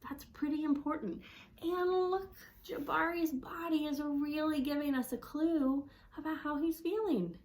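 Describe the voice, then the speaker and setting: Expressive woman speech therapist reading aloud. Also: a little slow. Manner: expressive storybook reading with wide pitch swings; friendly teacherly explaining. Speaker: speech-language pathologist. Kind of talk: instructional read-aloud demonstration.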